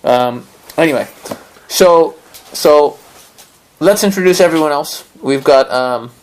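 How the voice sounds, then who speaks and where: A man hosts a podcast and tells a story in a loose, chatty way. He swears freely and acts out what people said, and his pitch rises and falls as he goes. He sounds like he is in a room with his guests. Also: slow pace. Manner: profane, animated storytelling. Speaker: podcast host. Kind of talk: casual storytelling chat.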